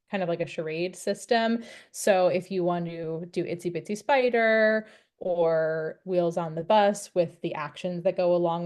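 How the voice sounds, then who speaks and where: A woman's voice: on the low side, darkish tone. A young woman, a teacher of the deaf, presenting a friendly, step-by-step parenting webinar. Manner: friendly, encouraging, explains step by step.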